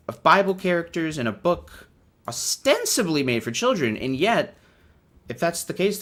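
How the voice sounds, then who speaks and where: A man's voice: medium pitch, fairly bright tone. A man hosting a casual, irreverent comedic commentary, laughing often as he talks. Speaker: host.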